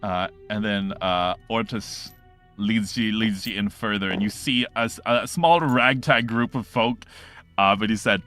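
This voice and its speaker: Laid-back, halting game master man. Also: fairly low pitch, a bit bright, dry recording, soft background music. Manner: casual, halting, many fillers. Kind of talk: narrating a tabletop game.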